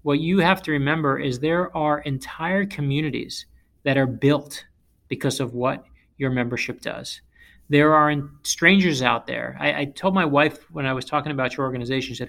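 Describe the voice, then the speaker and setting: A man who is an author, from South Florida, telling stories in an interview in an emphatic, animated way. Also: fairly high pitch, vocal fry. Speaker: author and guest speaker. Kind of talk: interview storytelling.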